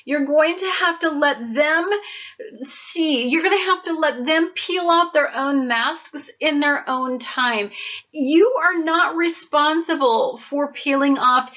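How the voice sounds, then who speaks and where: A woman's voice: high-pitched, dull audio. A woman hosting an astrology show, giving an emphatic, preachy spoken reading. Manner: emphatic, preachy, animated asides. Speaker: astrology host.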